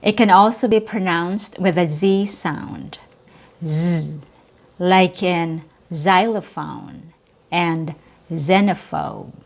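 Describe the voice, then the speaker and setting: A woman teaching English pronunciation, speaking in a slow, clearly articulated way and drawing out model sounds and single syllables. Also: lowish voice.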